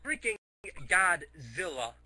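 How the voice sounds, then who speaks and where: A man rambles through a crude comic story with excitable energy, and his voice leaps around constantly. It sits high and bright, with a tense edge. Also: slow, dry recording. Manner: excitable, crude, repeats catchphrases.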